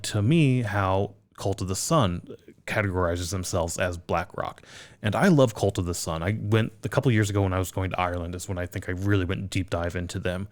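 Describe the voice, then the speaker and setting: A man co-hosting a podcast, chatting casually and rambling, swearing freely. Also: low voice. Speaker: podcast co-host. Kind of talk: casual chat.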